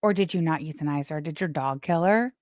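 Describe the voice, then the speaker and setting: A woman's voice: low voice, brisk, a little mellow, no echo, clean studio sound. A woman speaking in an indignant, sarcastic way.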